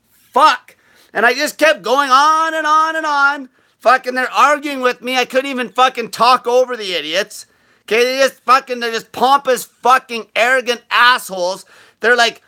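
A high, piercingly bright male voice tears through an angry vlog rant, swearing nonstop. He mocks his critics in a drawn-out, sneering tone. He sounds furious and contemptuous. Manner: profane, shouting, furious; mocks others in slow sneering voice. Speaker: diet channel host.

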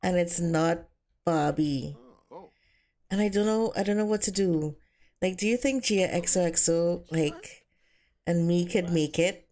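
A woman's voice: on the low side, unhurried, pauses often, mellow. A woman voicing a lovesick, fretful young man. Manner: fretful, hesitant. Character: lovesick, confused young male contestant. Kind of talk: voiced game role-play.

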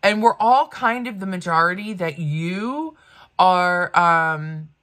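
A woman's voice: fairly low pitch, expressive, slow pace, fairly bright tone. A woman in her fifties doing get-ready-with-me commentary, blunt and ranting, swearing freely. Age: 50s. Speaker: beauty vlogger.

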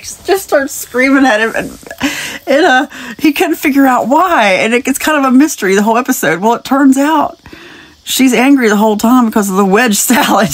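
A woman giving a casual spiritual reading straight to the viewer. She chats and rambles, wanders into side stories and laughs lightly between thoughts. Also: on the high side. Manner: speaks directly to the viewer, wandering off into tangents. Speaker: spiritual message reader.

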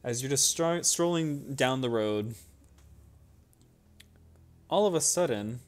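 A young man narrating as a tabletop game master, animated, laughing often and full of fillers. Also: mid-range voice, slow, faint music behind.

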